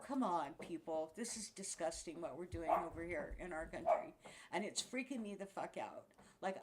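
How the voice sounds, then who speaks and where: Sixty-year-old woman ranting, swearing, laughing. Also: fairly low pitch. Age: 60s. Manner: swears freely, laughs between outbursts. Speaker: vlogger. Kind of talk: angry casual rant to camera. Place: home.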